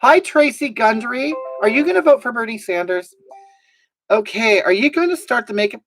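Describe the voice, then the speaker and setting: A woman's voice: fairly high pitch, lively intonation, moderate pace, faint music behind. Sassy woman hosting a live stream. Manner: sassy, drawling, mock-sincere. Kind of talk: reading viewer comments on a live stream.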